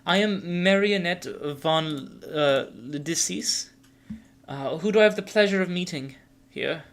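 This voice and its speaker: A man's voice: a little high, a little slow, pitched above the performer's own voice. A man voicing a polite, formal young female vampire noble in a tabletop game. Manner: polite, formal, slightly awkward.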